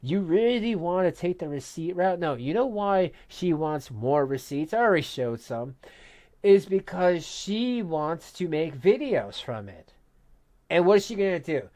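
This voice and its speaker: A man's voice: sits high, very animated, a little slow, a little mellow, no echo. A man hosting a commentary channel, delivering a profane, mocking rant with exasperated disbelief. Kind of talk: angry reaction rant.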